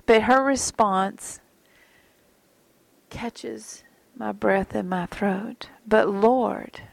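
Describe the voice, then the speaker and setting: A woman's voice: medium pitch, very slow, creaky, no echo. A woman giving a reflective Bible teaching in a musing, conversational way, at times dropping almost to a whisper.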